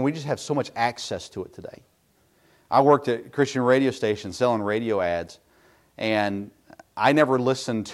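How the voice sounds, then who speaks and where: A man's voice: medium pitch, darkish tone. Folksy man preaching a sermon. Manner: folksy, self-deprecating preaching with asides to the congregation. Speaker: pastor.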